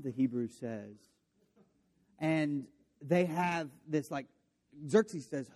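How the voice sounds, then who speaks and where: A man's voice: medium pitch, measured pace, long pauses, dark tone. A man preaching a sermon, retelling a story with playful voices for the characters and jokey asides. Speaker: pastor.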